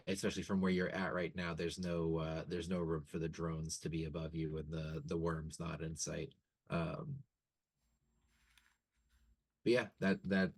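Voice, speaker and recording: A man narrating as game master in a relaxed way, with lots of ums and uhs. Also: low-pitched, no echo. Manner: relaxed, many fillers.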